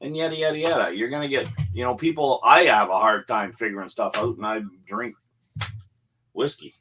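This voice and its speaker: A man's voice: mid-range voice, brisk, pushed and bright, slight background noise, poor audio. A man chatting as a guest on a whisky show, rambling and joking through asides. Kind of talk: casual chat.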